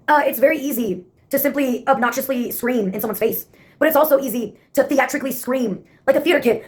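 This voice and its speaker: A woman's voice: sits high, fairly quick. A woman delivering a profane, rambling spoken-word piece in a sardonic, clipped way.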